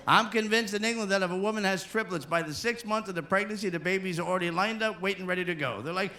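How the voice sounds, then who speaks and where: A man's voice: high voice, quick pace, few pauses, sharp tone, slight background noise. A man doing stand-up comedy as a cruise ship comedian, working the crowd and slipping into silly put-on voices. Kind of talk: stand-up comedy to a live audience.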